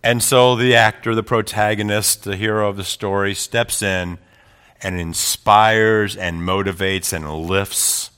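A man preaching a sermon who swells into loud, rousing passages and then drops to quiet, reflective asides. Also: lowish voice, fairly even intonation, measured pace, smooth. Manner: builds to loud climaxes quoting speeches. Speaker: pastor.

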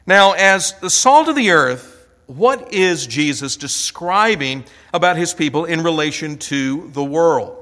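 A man preaching a sermon, pressing hard on single words with a measured, deliberate delivery. His voice sits a little high for a man. The sound carries the long reverb of a large hall. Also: animated, bright, forceful tone. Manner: measured preaching with emphatic stresses. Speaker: pastor.

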